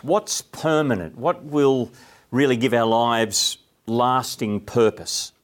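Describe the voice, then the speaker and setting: A middle-aged Australian man giving a conversational sermon, chatty and asking his listeners questions as he explains a text. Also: mid-range voice. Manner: chatty, asks the audience questions, frequent restarts. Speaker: preacher.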